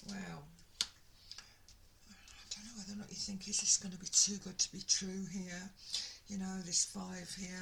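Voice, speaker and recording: A woman giving an excitable, gushing tarot reading, full of exclamations and sighs. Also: mid-range voice, very noisy. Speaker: tarot reader.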